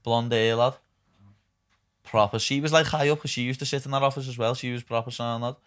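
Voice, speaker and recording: A man's voice: mid-range voice, steady tone, fairly bright tone, smooth. A young man with a Liverpool accent hosting a podcast, telling rambling stories in casual chat and dropping "lad" and swear words into nearly every sentence. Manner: rapid, rambling storytelling with constant "lad" and swearing. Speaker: podcast host.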